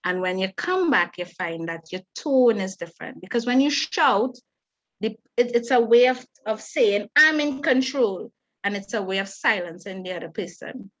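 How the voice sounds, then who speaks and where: A middle-aged woman with a Trinidadian accent, giving a lively, fast conversational parenting talk as a webinar facilitator. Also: medium pitch. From Trinidad and Tobago. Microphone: video call. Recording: dull lo-fi webinar audio.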